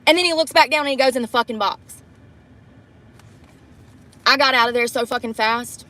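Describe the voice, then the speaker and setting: A young woman with a fairly high voice talks bluntly and swears constantly, exasperated as she does her makeup. She is sitting in a parked truck and speaking into a phone camera in a loose storytelling way. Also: moderate pace, pushed and bright. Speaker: vlogger livestreaming a get-ready-with-me. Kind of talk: casual storytelling while doing makeup.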